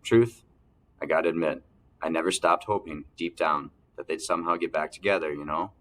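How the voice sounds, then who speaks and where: A man narrating an audiobook in the first person, telling the story calmly and evenly. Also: a bass voice, brisk.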